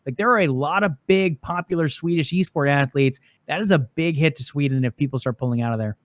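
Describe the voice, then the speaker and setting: A man's voice: fairly high pitch, fairly quick, no room sound. Casual man running through gaming news. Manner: relaxed, conversational, with fillers. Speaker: podcast co-host.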